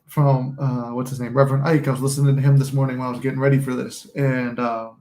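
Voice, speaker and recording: A man's voice: medium pitch, flat delivery, fast talker, darkish tone, roomy sound. A man hosting a casual live chat who jokes, laughs often and acts out movie scenes. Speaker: podcast host.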